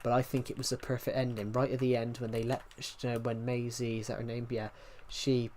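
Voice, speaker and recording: A man's voice: mid-range voice, little pitch movement, fairly quick, darkish tone, slight background noise. A young British man chatting casually on a livestream, rambling with many restarts and answering viewer comments. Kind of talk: casual stream chat.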